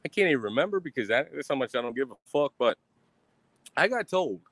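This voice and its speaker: A man's voice: medium pitch, big pitch swings, quick pace, fairly bright tone, no room sound. A man ranting defiantly on a live stream, swearing constantly and mocking his critics with sarcasm.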